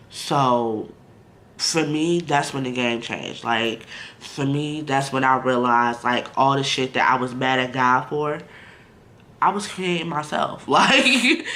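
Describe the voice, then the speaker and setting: In a casual vlog, a male vlogger addresses the camera with a mid-range voice that sounds pushed and bright. His talk is candid, blunt and chatty, thick with fillers like "like" and "you know," and he often turns to speak straight to his audience.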